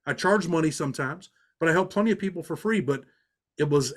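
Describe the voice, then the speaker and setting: A man's voice: fairly high pitch, fairly quick. Podcast guest: middle-aged man, New York accent, raised voice, earnest storyteller, casual street talk. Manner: street-talking, earnest, many "you know"s and restarts.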